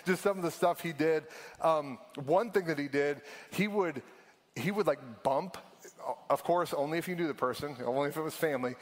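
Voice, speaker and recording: A man, preaching a sermon in a casual storytelling way that slows down for emphasis. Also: on the high side, in a large hall. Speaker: pastor.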